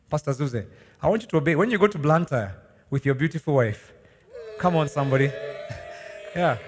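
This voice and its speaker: A man preaching a sermon as pastor, animated, asking the congregation questions and laughing as he teaches. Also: on the high side. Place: large church hall. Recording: long church hall reverb.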